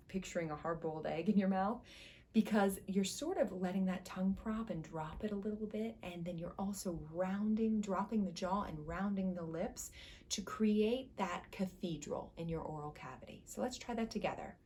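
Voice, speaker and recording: A woman's voice: mid-range voice, normal speed, dark tone. A woman voice teacher giving an instructional singing lesson, guiding step by step with encouragement.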